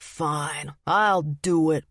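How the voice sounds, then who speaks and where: A woman's voice: deep voice, extremely slow, no room sound, studio quality. A woman voicing a grumpy man who grudgingly gives in. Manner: sulky and grudging. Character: grumpy reluctant man, holiday grouch.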